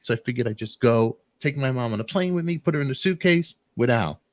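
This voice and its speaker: Rambling, animated man hosting a talk show. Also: quick pace, dry recording. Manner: rambling, animated storytelling with sudden jumps in pitch. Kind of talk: emotional casual monologue.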